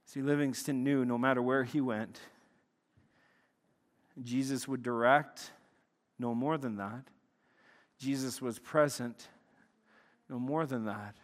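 A middle-aged man preaching a sermon, telling stories in an animated way that swings between loud excitement and hushed intensity. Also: mid-range voice, slow pace, long pauses. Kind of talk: sermon with storytelling. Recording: long reverb of a large hall.

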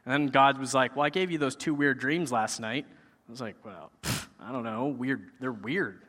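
At a moderate pace, a man with a medium-pitched, fairly bright voice gives his faith testimony in a relaxed, conversational style. He acts out his own quoted lines, heard with long hall reverb.

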